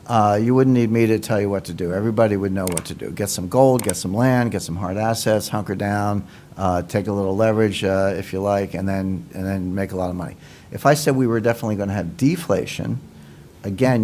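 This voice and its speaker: A man's voice: fairly low pitch, a little mellow, a little hiss or hum. A man giving a confident, emphatic explanatory talk as an economics commentator, repeating his points and building analogies.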